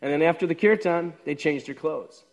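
A man in his sixties, a devotee telling how he joined, lively and acting out the voices of others. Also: fairly high pitch, fairly quick, creaky. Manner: lively storyteller who acts out the other people's lines. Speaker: devotee sharing his story. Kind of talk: personal storytelling talk. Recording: long hall reverb.

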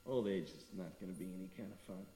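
A man's voice: low voice, fast talker, dark tone. A middle-aged man giving a devotional talk, telling stories and acting out the people he met. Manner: storytelling, acting out quoted people. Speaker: temple speaker. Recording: echoey hall from a distance.

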